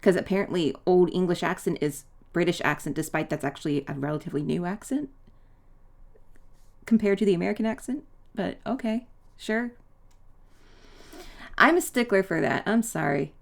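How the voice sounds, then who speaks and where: A woman's voice: on the low side, moderate pace, vocal fry, pauses often. A woman chatting casually as she plays a video game, rambling into side tangents and apologizing for them. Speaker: let's play gamer. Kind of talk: casual gameplay commentary.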